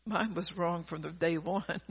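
Older woman, preacher, husky breathy voice, earnest, repeats herself. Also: on the low side, fairly even intonation, a little slow. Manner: earnest, repeats and restarts phrases. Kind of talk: sermon.

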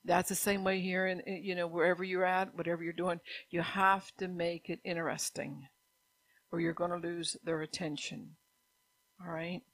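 A woman's voice: fairly low pitch, flat delivery, moderate pace, no echo. Chatty woman preaching in a dry room. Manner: conversational, lots of "you know", repeats words. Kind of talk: informal sermon.

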